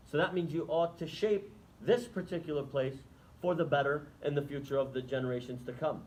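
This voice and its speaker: A man's voice: fairly high pitch, fairly quick, a little mellow, rough recording. Guy giving a religious talk to students in a lecture room, chatty, keeps asking the crowd stuff. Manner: conversational, asks the audience rhetorical questions.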